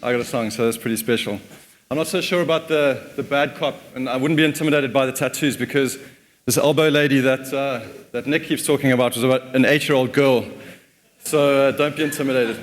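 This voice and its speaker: A man's voice: medium pitch, fairly even intonation, fairly quick. A man giving a casual conference talk, often repeating words as he thinks. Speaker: conference speaker. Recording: long hall reverb.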